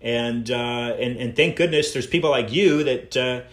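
A man's voice: medium pitch, moderate pace, a bit bright, echoey room. A man hosting an interview show, speaking hesitantly with many filler words. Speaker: show host.

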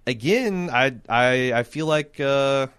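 A man's voice: medium pitch, expressive, slow, a bit bright, smooth, no echo. A man hosting a TV recap podcast, chatting casually in a rambling way with restarts. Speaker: podcast host.

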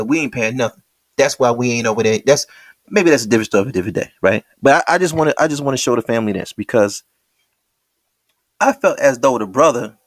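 A man hosts a podcast. He talks casually and with lots of slang, throwing out rhetorical questions. His voice sits at a middle pitch and sounds dry and close, with little room sound. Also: no room sound. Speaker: podcast host.

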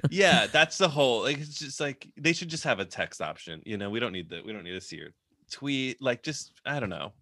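A man chatting as a podcast guest, lively and self-deprecating, laughing between thoughts. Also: medium pitch, brisk, no room sound, studio quality. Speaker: podcast guest, social media creator. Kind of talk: casual chat.

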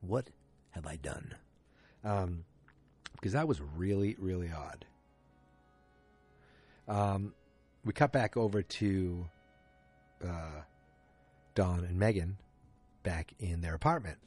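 A man casually recapping a TV episode, rambling and animated, with chatty asides to viewers. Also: low voice, slow pace, pauses often, soft background music.

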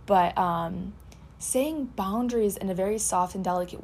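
Earnest low-voiced woman podcaster. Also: fairly even intonation, a little slow, a little mellow, a little hiss or hum. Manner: earnest, repetitive, heartfelt phrasing. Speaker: podcast host. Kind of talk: casual reflective chat.

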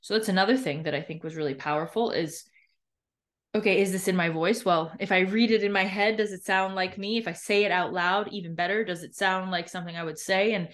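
A woman's voice: medium pitch, steady tone, fairly quick, a bit bright. A woman hosting a podcast, talking candidly and chattily about her own experience, with frequent fillers and restarts. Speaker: podcast host and new author. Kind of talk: candid reflective monologue.

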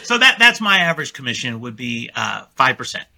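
A confident man talks through his sales pitch on a remote call. His voice has a gravelly fry and a sharp, bright tone. He sounds practiced and persuasive, as if coaching listeners. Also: big pitch swings, fairly quick. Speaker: real estate agent guest. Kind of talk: conversational podcast interview.

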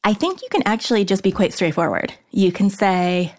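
A woman's voice: medium pitch, very animated, moderate pace. A woman answering a listener's letter with frank, direct advice in a conversational way. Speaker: advice columnist.

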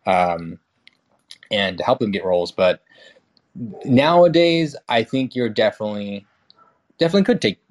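Young man, low voice, casual talk, lots of restarts, frank, swears. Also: lively intonation, moderate pace, long pauses. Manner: rambling, many restarts and fillers. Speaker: guest. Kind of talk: casual conversation.

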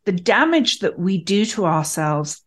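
A woman co-hosting a podcast, telling stories in an animated, chatty way. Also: fairly low pitch, unhurried. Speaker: podcast co-host. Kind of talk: conversational podcast chat.

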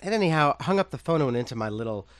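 A man tells a story in an animated, laughing way, his voice jumping up and down as he acts out the dialogue. His pitch sits in the middle of the male range. He sounds like a fashion-business guest recounting a big moment to a podcast host. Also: very fast. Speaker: fashion brand founder, guest.

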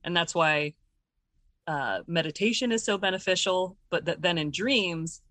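Bright-voiced woman musing thoughtfully. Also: lowish voice, measured pace, dry recording. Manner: thoughtful, searching for words with many fillers and restarts. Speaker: interview guest. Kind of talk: reflective conversational explanation.

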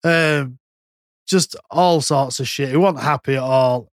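A man's voice: mid-range voice, unhurried, no echo, clean studio sound. A man co-hosting a casual podcast chat, rambling and swearing freely. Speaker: podcast co-host.

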